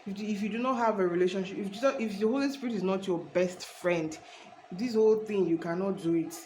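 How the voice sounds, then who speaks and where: A woman's voice: medium pitch, fairly quick, dark tone, slight background noise, low-quality recording. A woman giving an earnest, casual faith talk to her viewers, rambling with restarts and calling them honey. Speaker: faith vlogger.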